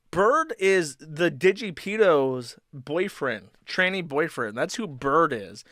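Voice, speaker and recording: A man's voice: a little high, a bit bright, no room sound, studio quality. A man hosting a livestream, talking in a sardonic, profane, rambling way. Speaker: streamer host. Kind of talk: livestream commentary.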